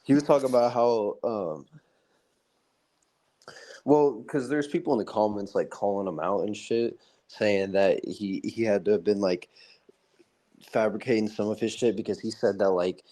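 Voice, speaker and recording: A young man with a somewhat low voice, rambling through a casual podcast chat. He swears freely, laughs often and piles on fillers. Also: moderate pace, long pauses, dark tone. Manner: loose, profane, laughs often, lots of filler. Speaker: podcast co-host.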